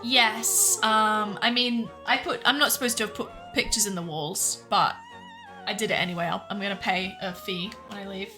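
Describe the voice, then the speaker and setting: A woman game streamer chatting casually with her viewers in a relaxed, easily laughing way. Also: mid-range voice, moderate pace, over music. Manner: relaxed, laughing, talks back to chat.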